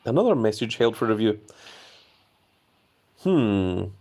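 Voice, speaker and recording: A man's voice: on the low side, big pitch swings, slow pace, darkish tone. Guy streaming live, just chatting with his viewers, reads their messages out, easygoing. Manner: chatty, reads viewer chat aloud, loose restarts. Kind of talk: casual live-stream commentary.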